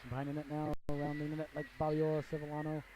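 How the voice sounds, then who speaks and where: A man's voice: a little high, monotone, fast talker. Folksy man calling hockey, noisy audio. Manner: folksy, joking asides to the audience. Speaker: play-by-play commentator. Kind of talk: hockey play-by-play commentary. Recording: noisy amateur broadcast audio.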